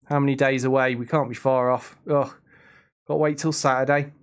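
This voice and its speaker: A man's voice: medium pitch, little pitch movement, fairly quick. A young man chatting casually on a live stream, rambling and answering his chat. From England.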